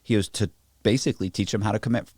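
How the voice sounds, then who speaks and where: A man telling stories in casual podcast chat, profane and animated, acting out the people in them. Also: fairly low pitch, fast, dry recording, clean studio sound. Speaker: podcast guest. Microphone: podcast studio mic.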